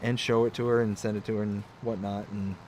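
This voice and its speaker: A man's voice: fairly low pitch, fairly quick, a little hiss or hum. A man hosting a gaming livestream, casually telling a story and acting out the voices in it. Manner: animated, acts out the voices in his story. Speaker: livestream host.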